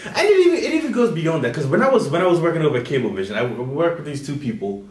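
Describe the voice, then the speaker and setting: A man's voice: medium pitch, expressive, rapid-fire. A man co-hosting a casual political discussion, joking and slipping into mocking voices. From Bermuda. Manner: jokey, slips into mocking voices. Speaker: co-host. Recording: roomy room sound.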